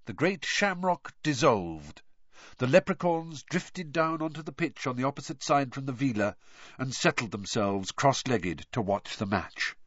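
Male storyteller, expressive and lively, dry lo-fi audiobook sound. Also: mid-range voice, measured pace, no room sound. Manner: animated storytelling. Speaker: audiobook reader.

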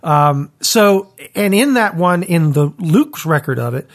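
A man in a conversational Bible discussion, speaking in a thoughtful, measured way. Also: on the high side, expressive.

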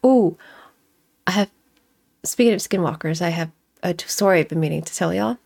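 A woman's voice: fairly low pitch, normal speed, creaky, a little mellow, breathy edge, no room sound, studio quality. A woman telling funny family stories in casual chat, laughing often, swearing freely and acting out the voices she quotes.

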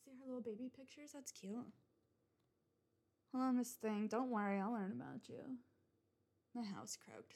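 Rambling young woman podcaster, higher voice. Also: measured pace, gravelly, long pauses, darkish tone. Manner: rambling, swears often, many restarts and fillers. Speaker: podcast host. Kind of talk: casual solo podcast rant.

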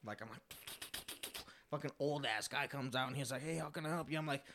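A man's voice: mid-range voice, fairly quick. A young man in casual chat, telling a story with lots of swearing and laughing. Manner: animated, swears constantly, laughs through his story.

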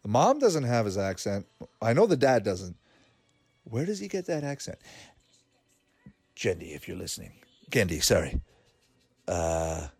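A man's voice: on the low side, darkish tone, no echo. A man chatting casually while watching a cartoon, laughing often and thinking aloud with fillers. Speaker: cartoon reaction commentator. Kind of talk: casual watch-along commentary.

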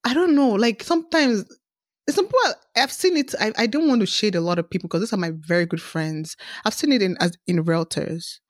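A woman's voice: medium pitch, a little fast, no room sound, studio quality. A woman hosting a casual podcast chat, talking animatedly and acting out cheerful customer-service messages. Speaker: podcast host.

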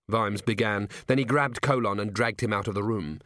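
A man narrating an audiobook with measured, wry storytelling. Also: lowish voice, a bit bright, no room sound, studio quality. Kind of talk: scripted narration.

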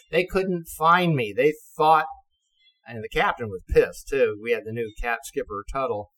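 A man's voice: medium pitch, moderate pace, rough recording. Older man, retired navy officer, casual storyteller who swears and laughs. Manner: lively, acts out quotes, swears and laughs.

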